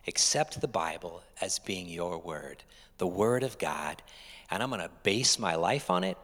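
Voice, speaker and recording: Man, pastor, very low voice, sermon, loud then whispery, reverberant church hall. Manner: conversational, swings from loud emphasis to hushed whispers.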